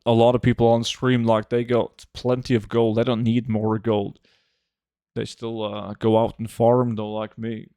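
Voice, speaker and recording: A man's voice: mid-range voice, a little slow, no echo. Laid-back man streaming. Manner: relaxed, answers chat with many fillers. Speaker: game streamer. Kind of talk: casual live-stream chat.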